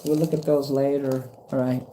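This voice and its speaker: A vlogger unboxes a fan's package at home, chatting casually to his handheld camera, rambling, swearing and delighted by little things. His voice is medium-pitched and dark, with little pitch movement and a moderate pace, over slight background noise.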